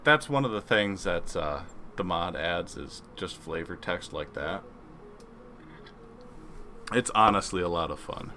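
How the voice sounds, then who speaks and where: A man's voice: sits low, animated, unhurried, long pauses, sharp tone, a little hiss or hum. A man casually commenting on a strategy game he is playing, rambling and reading game text aloud. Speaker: gaming video creator.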